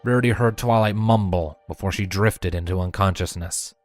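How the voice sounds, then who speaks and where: A man narrating a fan fiction audiobook in a steady storytelling manner. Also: low voice, normal speed, dry recording, soft background music.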